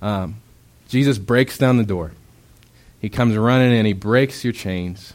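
Low-voiced young man preaching casually. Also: a little slow. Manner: casual, conversational preaching with many fillers; acts out quoted voices with bursts of loudness. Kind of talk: sermon.

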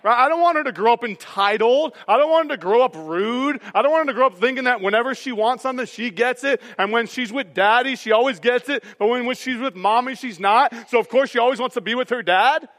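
A man preaches in an energetic, conversational style, checking in with "okay?" and "all right?" after nearly every line. His voice sits very high and sounds bright and forceful. It rings with long reverb, as if filling a large church auditorium. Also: quick pace, hardly any pauses. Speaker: pastor. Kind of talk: sermon.

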